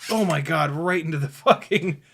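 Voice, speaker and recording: A man vlogging as he flies a small drone, talking to himself in casual commentary with quick exclamations and the odd swear word. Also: fairly high pitch, gravelly, noisy background. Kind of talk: casual commentary while flying.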